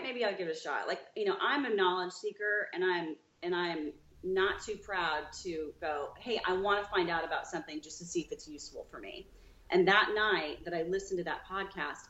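A woman guest on a podcast, telling her own story with lively, acted-out dialogue. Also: lowish voice, roomy sound, lo-fi sound. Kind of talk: storytelling in an interview.

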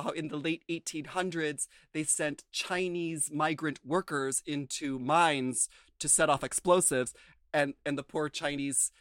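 A man's voice: a little high, fairly bright tone, clean tone, no echo, studio quality. A man co-hosting a casual recap podcast, rambling with lots of "like" and "um". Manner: rambling, full of fillers like "like" and "um". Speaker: podcast co-host.

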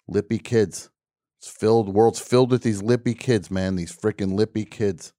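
A man's voice: fairly low pitch, steady tone, normal speed, warm tone, no room sound, studio quality. A man hosting a call-in radio show, telling a comic story in an exasperated, grumbling rant full of mock outrage.

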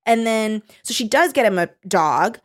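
A woman's voice: a little high, animated, moderate pace. A woman in casual conversation, recapping a book in a loose, rambling way. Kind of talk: casual chat about a book.

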